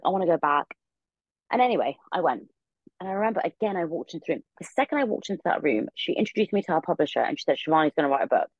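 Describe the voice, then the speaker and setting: A woman's voice: on the low side, darkish tone, slightly rough, no room sound, lo-fi sound. A young woman, a podcast guest in her room, telling a story casually and rambling with many filler words.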